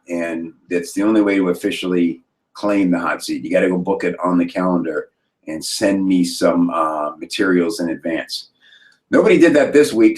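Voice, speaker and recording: A man hosting a live group call, talking in a casual, upbeat, rambling way with many fillers and restarts. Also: low voice. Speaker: host of a copywriting members' call.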